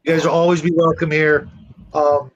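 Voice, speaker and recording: High-pitched man on a muffled line, warm and rambling. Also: flat delivery, moderate pace. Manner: warm, rambling, many "you know" fillers. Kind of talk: casual chat.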